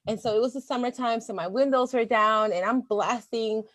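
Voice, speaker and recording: A woman who teaches, chatting in a relaxed, reflective way. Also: on the high side, fairly quick, dry recording. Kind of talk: casual conversation.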